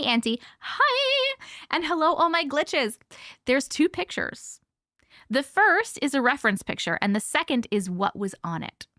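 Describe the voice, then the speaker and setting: A woman hosting a casual livestream, playful and animated as she chats and reads viewer stories aloud. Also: on the high side, no echo, clean studio sound. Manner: animated and playful, jokes with chat. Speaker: host reading viewer stories.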